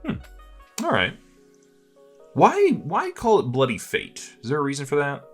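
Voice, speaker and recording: A man's voice: on the high side, wildly swooping pitch, a little slow, slightly rough, soft background music. A man hosting a casual anime podcast, asking his co-hosts questions and joking around. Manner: asks questions and jokes. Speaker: podcast host. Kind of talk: casual chat.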